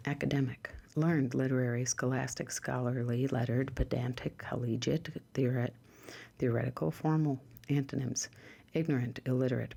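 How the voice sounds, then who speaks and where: An ASMR host slowly reading lists of words in a soft, low-key voice, sometimes dropping to a whisper and adding dry little asides. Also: creaky, slight background noise. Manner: drifts into whispers.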